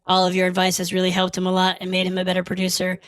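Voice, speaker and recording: A man's voice: sits high, monotone, very fast, fairly bright tone, clean tone, no room sound, studio quality, far from the mic. A man voicing a snarky, boastful robot podcast co-host through a robot voice filter, with a sarcastic, jealous, teasing delivery in a radio-style sketch.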